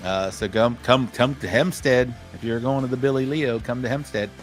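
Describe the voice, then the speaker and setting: A man's voice: medium pitch, moderate pace, soft background music. A man hosting a live online show, reading out a list of upcoming events in a rambling, self-correcting way. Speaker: podcast host.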